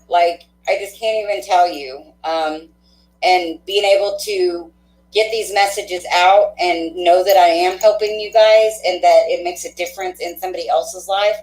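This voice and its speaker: Slow-talking chatty woman in echoey room. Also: on the low side, a little mellow. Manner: affectionate, chatty, laughs often, many fillers. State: stuffy, itchy nose. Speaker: spiritual card reader and livestream host. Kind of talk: casual livestream sign-off chat.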